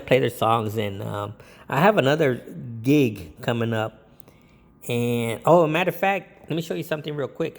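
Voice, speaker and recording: A man DJ talks through his business tips in a loose, rambling way, often stopping on an um. His voice has a gravelly fry at mid pitch. A long reverb trails behind him. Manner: rambling, with many ums and jokey put-on quotes. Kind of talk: casual talk to camera.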